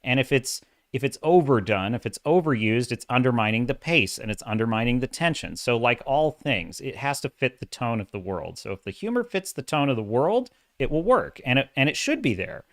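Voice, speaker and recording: Male livestream host, middle-aged, dramatic and lively delivery, dry close-miked sound. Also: mid-range voice, brisk, few pauses, dry recording. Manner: animated, self-described dramatic, reads chat comments. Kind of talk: casual livestream commentary.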